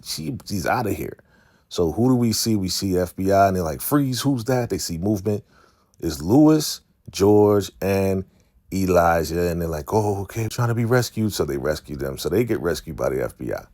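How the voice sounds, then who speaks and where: A man with a very deep, low voice runs through a casual recap of a TV episode. He retells the scenes with animated energy and slips into quick impressions of the characters' lines. The sound is dry and close, with no room echo. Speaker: TV recap host.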